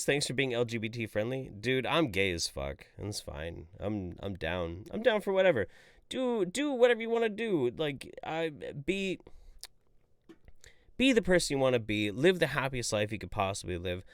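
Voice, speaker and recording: A man's voice: lowish voice, clear, resonant tone, no echo, clean studio sound. Profane, exasperated man ranting on a livestream. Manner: swings between loud outbursts and mumbled asides. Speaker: commentary streamer reading viewer chats. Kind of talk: livestream commentary.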